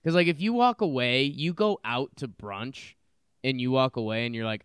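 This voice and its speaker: Smooth-voiced rambling man, dry mic. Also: mid-range voice, a little fast, fairly bright tone, no room sound. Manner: rambling, many fillers and restarts. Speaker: podcast co-host. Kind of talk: casual chat.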